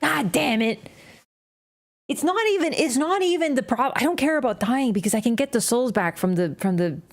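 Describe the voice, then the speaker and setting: A female game streamer talks at a moderate pace in a slightly high, expressive voice as she plays live. She keeps it casual, curses freely, and often cracks up laughing.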